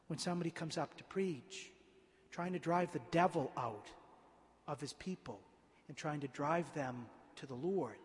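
A male priest preaches a homily in a church with a long, ringing reverb. His voice sits high for a man. He moves between quiet narration and impassioned emphasis. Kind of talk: sermon.

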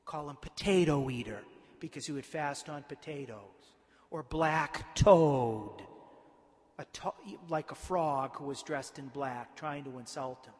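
A male priest preaching a homily, moving from quiet storytelling to emphatic, impassioned points. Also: a little high. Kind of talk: sermon. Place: church. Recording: long church reverb.

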